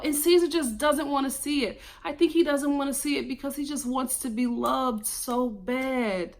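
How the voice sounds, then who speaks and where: Animated chatty woman vlogger. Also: high voice, moderate pace. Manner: animated, chatty, exclamatory, addresses viewers as y'all. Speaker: reality TV review vlogger. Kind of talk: casual commentary vlog.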